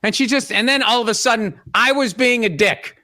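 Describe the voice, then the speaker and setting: A man's voice: very high-pitched, fairly quick, bright, forceful tone. A middle-aged man hosting a podcast, telling an exasperated, profane comic story about his wife. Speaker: podcast host. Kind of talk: comedic storytelling rant.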